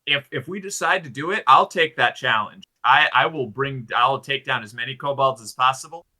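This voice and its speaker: A man's voice: mid-range voice, moderate pace, sharp tone. A man playing a tabletop game who chats casually and stumbles over his words. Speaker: player. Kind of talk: casual chat.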